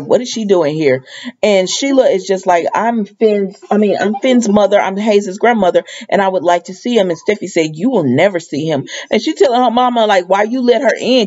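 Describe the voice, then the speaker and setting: A woman's voice: medium pitch, a little mellow, muffled recording. A woman giving a casual, opinionated recap of a soap opera episode, retelling the scenes and quoting the characters' lines as she goes.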